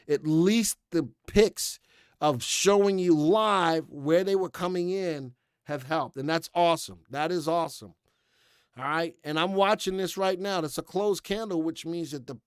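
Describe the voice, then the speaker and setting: A man's voice: on the high side, clear, resonant tone, no echo, clean studio sound. An American man hosting a live stock market show in casual, chatty commentary, reading headlines aloud and skimming past parts. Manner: chatty, reads headlines aloud and skims with "blah, blah".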